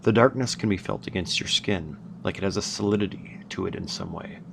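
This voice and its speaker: A man reading a narrative horror game's text aloud, with halting asides between smoothly read passages. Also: low-pitched. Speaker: gameplayer narrating. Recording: noisy home setup with background music.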